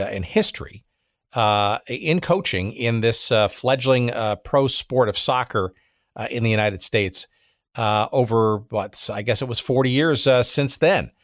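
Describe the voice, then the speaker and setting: Male podcast host, mid-pitched, chatty and halting, close mic, dry room. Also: dry recording. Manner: chatty, hesitant, many fillers. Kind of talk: casual podcast introduction.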